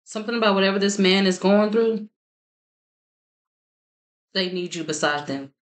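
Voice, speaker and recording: A woman's voice: medium pitch, normal speed. A woman giving a chatty tarot reading, praying aloud and often laughing. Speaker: tarot reader. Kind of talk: casual tarot reading to camera.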